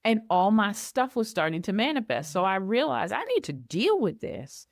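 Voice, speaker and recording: A middle-aged woman speaking candidly as an interview guest, telling personal stories in a lively way and acting out her own past reactions. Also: mid-range voice, normal speed, no echo, studio quality. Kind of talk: candid conversational storytelling.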